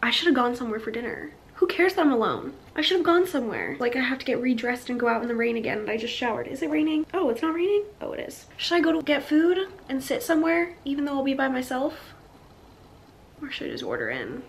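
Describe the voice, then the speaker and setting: A young woman with a slightly high voice chats into her phone camera for a travel vlog. She fills her talk with "like" and small laughs. A faint hiss of background noise sits under her voice. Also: very animated, fast talker, gravelly. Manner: chatty, lots of "like", laughs often. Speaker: travel vlogger. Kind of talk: casual vlog chat. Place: out on a seaside walkway, then indoors at her rental.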